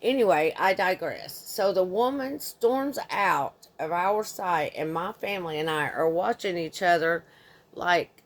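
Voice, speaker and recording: A woman's voice: on the low side, unhurried. A woman in her thirties reading a forum story aloud in an indignant, conversational way. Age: 30s. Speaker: narrator.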